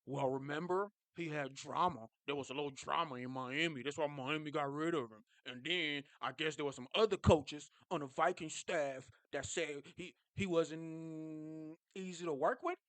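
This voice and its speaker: Man, fan vlogger, excitable, swings from mumbles to shouts, dry sound. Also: a little high, moderate pace, no room sound. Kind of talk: casual fan commentary.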